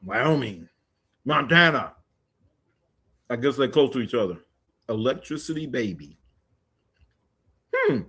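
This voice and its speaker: Male sports livestream host, casual and joking, reacting loudly to chat; mid-range voice. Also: mid-range voice, slow, long pauses, husky. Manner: loose, joking, animated bursts. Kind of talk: casual chat reading live comments.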